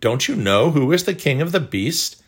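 A man's voice: a little high, sing-song, normal speed, breathy edge, full character voice. A man voicing a stern male talking beaver from a storybook, speaking emphatically.

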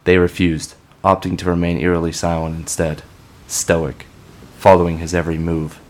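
A man giving scripted narration for an audio drama in a measured, grim storytelling manner. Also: deep voice, flat delivery.

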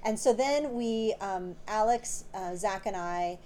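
A woman talks through her answers in a relaxed interview, rambling along with lots of fillers. Her voice is mellow and warm, middle in pitch. A faint hiss sits under the recording. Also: takes it slowly. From born in Canada, raised in Los Angeles. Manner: chatty, rambling, many fillers. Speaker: filmmaker guest.

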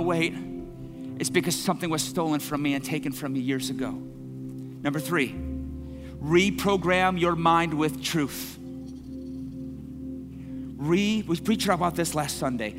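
A male pastor giving an earnest sermon, moving from soft, quiet passages to impassioned, repeated declarations. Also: fairly high pitch. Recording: church hall with long reverb, worship music behind. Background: instrumental worship music.

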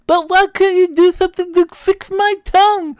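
A man voicing himself as a whiny man with a bleeding tongue, talking high and slurred with his tongue out. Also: fairly even intonation, moderate pace, no room sound. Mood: whining.

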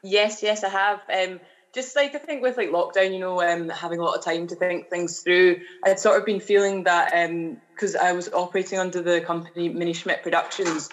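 A young woman from Glasgow with a low-pitched voice, a guest on a podcast interview. She talks loosely and chattily, with easy fillers and restarts. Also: steady tone, brisk, poor audio. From Glasgow, Scotland. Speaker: guest artist.

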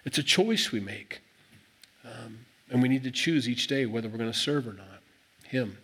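A man's voice: medium pitch, normal speed, fairly bright tone, husky. A man preaching a sermon, reading scripture aloud and explaining it in a conversational way, acting out the dialogue with emphatic rises. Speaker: pastor.

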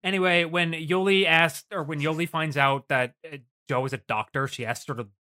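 A man hosting a podcast in casual chat, animated, swearing freely and laughing often. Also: on the high side, moderate pace. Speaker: podcast host.

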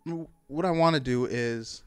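A man's voice: medium pitch, normal speed, clear, resonant tone, no echo, soft background music. A man hosting his own podcast in a loose, rambling chat, full of fillers and casual swearing. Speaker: solo podcast host.

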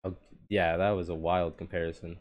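Young male co-host, lowish voice, rambling and laughing, casual chat. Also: flat delivery, fairly quick. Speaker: podcast co-host. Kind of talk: casual chat among friends.

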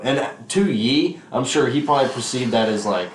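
A man's voice: mid-range voice, animated, normal speed, few pauses, slight background noise. Laid-back man chatting in an echoey room. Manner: reads out text messages, laughs often, swears freely. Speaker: podcast co-host. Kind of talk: casual podcast chat.

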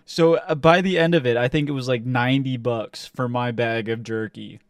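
A man's voice: medium pitch, steady tone, moderate pace, clear, resonant tone, no room sound. Joking man in casual podcast chat. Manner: jokey, crude, acts out quotes. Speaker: podcast co-host.

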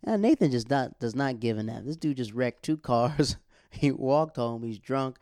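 A man talks through a TV episode in a loose, chatty way, full of asides and laughs. His voice is dark and mellow. The sound is dry and close, with no room echo. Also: medium pitch, a little slow. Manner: animated, chatty, colloquial, laughs often. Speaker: TV show recap vlogger. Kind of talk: casual episode recap.

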